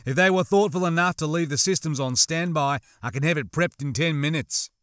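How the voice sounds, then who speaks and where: Guy narrator doing a skeptical pilot dude, blunt and wary, brightish voice. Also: a little high, brisk, no echo, studio quality, close to an everyday voice. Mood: practical. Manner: matter-of-fact, wary. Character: male pilot, practical and skeptical.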